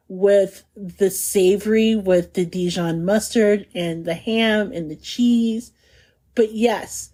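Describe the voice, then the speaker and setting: A woman's voice: medium pitch, takes it slowly, mellow. A woman co-hosting a casual food podcast, describing a dish with savoring enthusiasm. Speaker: podcast co-host.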